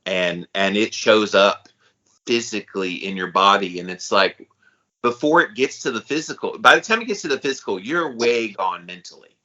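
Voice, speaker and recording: A man with a lowish, bright voice chats candidly and casually as a podcast co-host. He talks in a relaxed, slangy way. The audio sounds muffled and lo-fi. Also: normal speed. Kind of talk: casual conversational chat.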